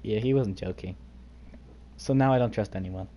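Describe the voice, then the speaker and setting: A man's voice: fairly low pitch, dark tone, a little hiss or hum. A young man livestreaming a game, chatting casually and joking with friends and viewers. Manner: joking, rapid banter with friends. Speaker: streamer. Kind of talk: casual gaming livestream chat.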